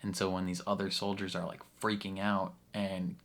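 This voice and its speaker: Young man, fairly low voice, casual chatty recap, frequent laughs, filler words. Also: monotone, moderate pace, a bit bright. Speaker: reaction video host.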